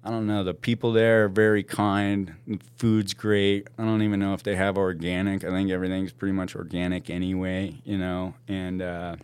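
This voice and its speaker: A man telling a story casually as a podcast guest, animated and laughing often, with slangy talk. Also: deep voice, smooth.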